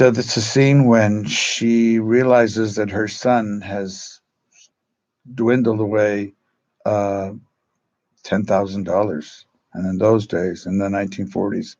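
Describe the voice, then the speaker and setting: A man who teaches drama, telling rambling stories in a halting way and acting out quotes in changed voices. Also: lowish voice, gravelly, a little mellow, highs cut off. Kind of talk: storytelling, casual talk.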